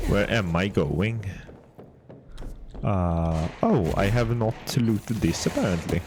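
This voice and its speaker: A man putting on a deliberately bad Swedish accent in a whispered role-play ASMR voice, soft and hushed with mock-formal wording. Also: low voice, background noise. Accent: put-on Swedish.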